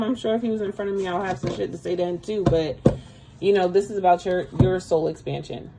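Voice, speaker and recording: A woman's voice: lowish voice, background noise. Chatty woman giving a tarot reading. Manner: chatty, talks straight to viewers, calls them girl. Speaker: tarot reader. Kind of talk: casual livestream tarot reading.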